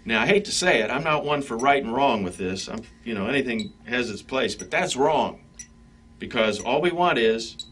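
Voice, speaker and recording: A man teaching drum stick technique in a relaxed, conversational way, talking straight to his students between demonstrations. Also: medium pitch, normal speed. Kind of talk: instructional demonstration. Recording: practice pad clicks and noise behind.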